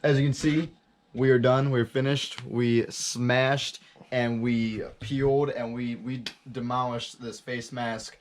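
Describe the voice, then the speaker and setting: A man's voice: medium pitch, little pitch movement, slow pace, a little hiss or hum. Upbeat young man hosting a vlog. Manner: upbeat, signs off to camera. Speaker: vlog host. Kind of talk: casual vlog chat.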